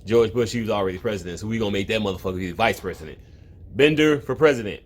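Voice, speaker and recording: A man's voice: fairly low pitch, rapid-fire. A man hosts a home video, rambling through loose, swear-heavy commentary and often breaking off mid-thought. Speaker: online video host. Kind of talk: profane comedic commentary. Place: at home, with a cat in the room.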